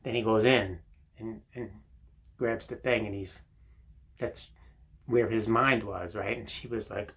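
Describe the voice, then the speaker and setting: A man's voice: lowish voice, steady tone, measured pace, long pauses, fairly bright tone. An older man hosting a rambling comic monologue while seated on a toilet in a bathroom, full of fillers and "right?". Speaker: comedy monologue host.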